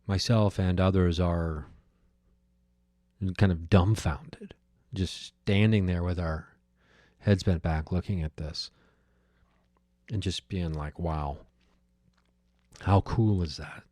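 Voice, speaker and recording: Deep, mellow-voiced man musing alone. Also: fairly even intonation, slow pace, pauses often, no room sound, clean studio sound. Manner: musing, storytelling, frequent fillers and restarts. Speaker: podcast host. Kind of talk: reflective solo monologue.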